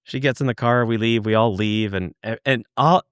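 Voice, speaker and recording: Earnest halting man telling a story. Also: medium pitch, a bit bright, smooth, no room sound, studio quality. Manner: earnest, halting, searches for words, swears for emphasis. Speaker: podcast guest, former UFO investigator. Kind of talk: conversational storytelling.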